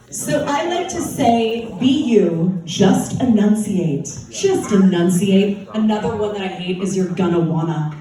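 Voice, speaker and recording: A woman's voice: medium pitch, expressive, measured pace, dark tone. Utah woman talking to a noisy crowd. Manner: chatty and playful, quizzes the crowd. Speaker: TV show co-host giving a talk. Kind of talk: humorous motivational talk to a live audience. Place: large hall with an audience. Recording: echoey hall, mic heard from a distance, crowd noise.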